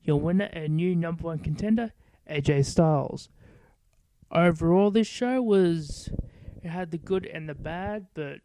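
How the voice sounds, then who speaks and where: A man's voice: high-pitched, warm tone, no echo. A man hosting his own show, giving a casual, blunt wrestling review and swearing freely. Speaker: podcast host.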